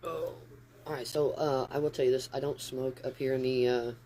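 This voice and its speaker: A man's voice: mid-range voice, steady tone, moderate pace, warm tone. Rambling man livestreaming from his phone. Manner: rambling, easily sidetracked, loose and informal. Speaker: live streamer. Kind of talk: casual livestream chat. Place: upstairs room at home.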